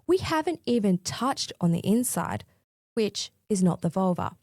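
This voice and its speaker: Clean studio sound with no room echo carries a medium-pitched, slightly mellow female voice, very animated but a little slow. She's a podcast host in her forties delivering a scripted solo monologue, cheeky, frank and chatty, with mild swearing.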